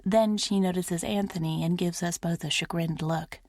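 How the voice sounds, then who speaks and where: A woman narrating a first-person romance audiobook in a soft, measured, intimate manner. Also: on the low side, fairly even intonation, dry recording, clean studio sound.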